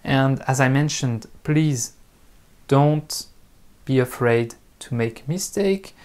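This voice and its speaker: A man with a French accent, a native French speaker, talking slowly and carefully to camera as an online French teacher, with many pauses and restarts. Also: mid-range voice, animated, a little mellow, smooth. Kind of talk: casual talk to camera.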